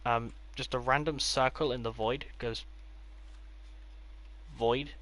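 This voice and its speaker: A man's voice: mid-range voice, fairly even intonation, moderate pace, a bit bright. A man giving a casual, rambling tour of his game builds, with offhand delivery and dry sarcastic asides. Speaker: gaming creator.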